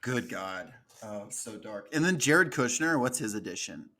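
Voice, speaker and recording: A man's voice: fairly low pitch, lively intonation, a little slow, pushed and bright. A man hosting a podcast in casual chat, joking and laughing at his own jokes. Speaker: podcast host.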